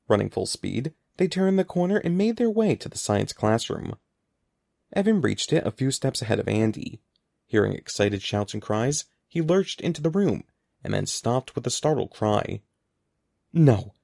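A man reading a children's story aloud with a lively, rising and falling delivery. His voice carries a gravelly texture, and the recording is close and dry with no room sound. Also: medium pitch, no room sound. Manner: expressive, animated reading. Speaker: narrator. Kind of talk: audiobook reading.

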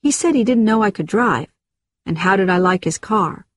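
A woman giving a measured, scripted narration of a first-person memoir. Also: mid-range voice, animated, dry recording, clean studio sound.

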